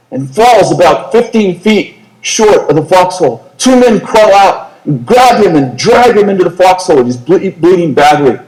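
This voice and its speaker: A man's voice: high voice, darkish tone, roomy sound, low-quality recording. A man preaching a sermon, telling a story animatedly and acting out the characters' lines. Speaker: pastor. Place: large church hall.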